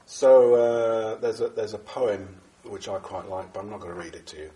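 Deep-voiced man with a stuffy cold. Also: little pitch movement, mellow. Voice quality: bunged up, nasal. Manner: halting, with many fillers and restarts. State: congested from a cold. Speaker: Buddhist teacher giving a talk. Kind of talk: dharma talk to a group. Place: echoey room with a small audience. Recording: echoey room recording.

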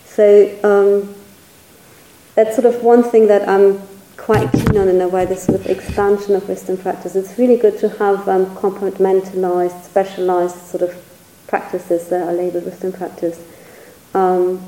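A woman's voice: mid-range voice, little pitch movement, normal speed, warm tone, reverberant, a little hiss or hum, low-quality recording. A woman teacher giving a reflective Buddhist dharma talk, searching for words and hedging often as she speaks. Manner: reflective, searching, hedges with "sort of".

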